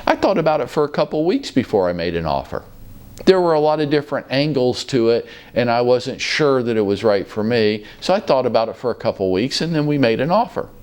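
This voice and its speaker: A man in his fifties hosting a casual talk show from his office, telling stories in a relaxed, folksy, chatty way. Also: medium pitch, brisk, smooth. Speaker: real estate brokerage leader hosting a show.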